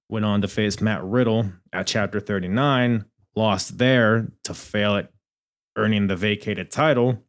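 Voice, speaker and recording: Young male podcast host, low and highly expressive, loose and profane. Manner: animated, swearing, laughing asides. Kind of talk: casual podcast review.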